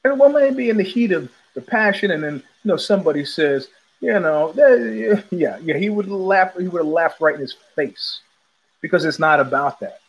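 A man's voice: on the high side, lively intonation, normal speed, poor audio. A man from New York hosting a podcast in a rambling, digressive monologue full of tangents and restarts. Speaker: podcast host. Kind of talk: casual monologue.

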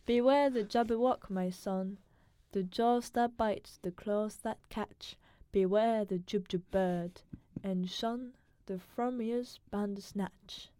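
Slow-talking mellow-voiced woman. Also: mid-range voice, clear, resonant tone, no room sound. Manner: measured, self-deprecating, laughs easily. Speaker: podcast co-host. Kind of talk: poetry reading and casual chat.

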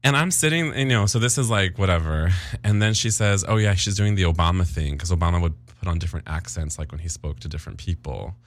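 A man's voice: sits low, quick pace, hardly any pauses, dry recording. A man co-hosting a podcast, chatting casually with lots of fillers and easy laughter. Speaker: podcast co-host. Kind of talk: casual chat.

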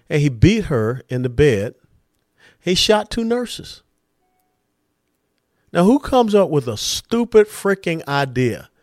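Studio-quality audio with no echo captures a man from Texas hosting a political podcast. His mid-range voice drives an emphatic commentary monologue, and he asks rhetorical questions along the way.

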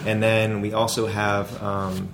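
A man with a fairly low voice talks loosely about his company. He rambles, trailing off into fillers and restarts. A faint rumble sits underneath. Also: little pitch movement, slow. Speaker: food company founder. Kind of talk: casual interview talk.

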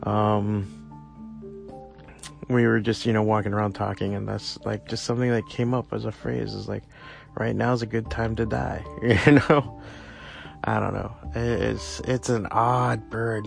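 A man with a low, gravelly voice rambles through a casual solo podcast monologue, thick with fillers and swearing. Faint music plays quietly behind him. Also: little pitch movement, unhurried. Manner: rambling, profane, many fillers. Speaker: podcast host.

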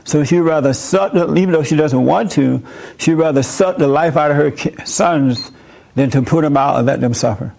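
A man delivers a sermon in a somewhat high voice, with a blunt, emphatic preaching manner. He addresses a gathered audience directly, as a show host used to speaking at length. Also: moderate pace, gravelly, darkish tone. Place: room with a live audience.

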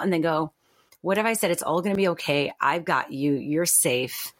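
A woman talking as a podcast guest in a reflective, animated way, with many fillers and restarts. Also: lowish voice, moderate pace, no echo. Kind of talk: casual podcast conversation.

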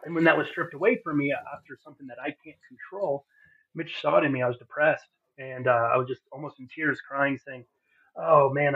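Man, husky voice, earnest testimony, tinny phone-like audio. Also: mid-range voice, fairly even intonation, a little fast. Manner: earnest, heartfelt, many fillers and restarts. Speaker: podcast guest. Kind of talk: candid personal testimony. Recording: phone-like narrow sound.

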